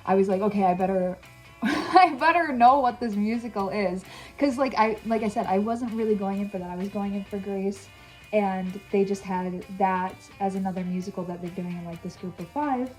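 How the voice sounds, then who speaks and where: A woman's voice: mid-range voice, steady tone, brisk, mellow, faint music behind, rough recording. A young woman chatting casually in a vlog, candid and full of fillers like "um" and "like". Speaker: vlogger.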